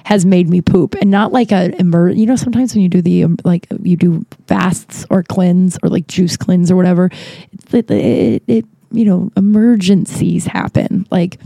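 A woman's voice: fairly low pitch, steady tone, moderate pace, vocal fry, mellow, dry recording, studio quality. A young woman hosting a casual solo podcast, talking candidly and rambling with lots of fillers and restarts. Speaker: podcast host.

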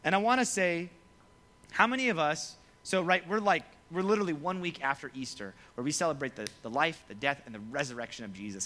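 A man's voice: fairly high pitch, fast, a little hiss or hum. A young man preaching a casual, joking sermon to students as their pastor, acting out quotes along the way. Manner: lively, joking, acts out quoted voices. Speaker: youth pastor.

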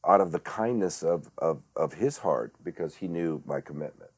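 Guest: middle-aged man with a very deep voice, halting and reflective, lots of fillers. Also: expressive, a little mellow, slightly rough. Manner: halting, many fillers and restarts. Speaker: guest, director and actor. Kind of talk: reflective storytelling.

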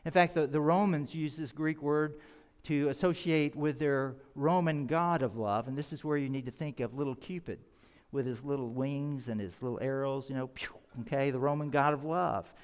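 A man's voice: on the high side, normal speed. A man preaching a sermon as pastor, explaining scripture earnestly and leaning hard on key words. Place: church sanctuary. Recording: reverberant church hall.

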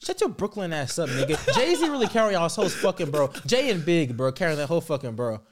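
A man's voice: on the high side, a crowd in the background. A man co-hosting a live stream in casual chat, trash-talking with energy and swearing freely. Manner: fast, animated trash talk, swears freely. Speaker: stream co-host.

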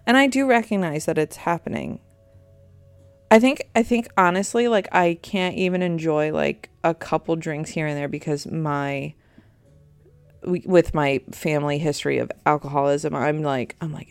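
Lowish gravelly woman podcasting, rambly and chatty, dry close sound, thirties mom vibe. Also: normal speed, no echo, soft background music. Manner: rambling, chatty, easily distracted. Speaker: podcast host. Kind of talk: casual chat.

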